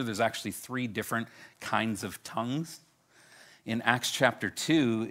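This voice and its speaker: A middle-aged man preaching a sermon, animated and storytelling, with self-deprecating humor. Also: mid-range voice. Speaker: pastor.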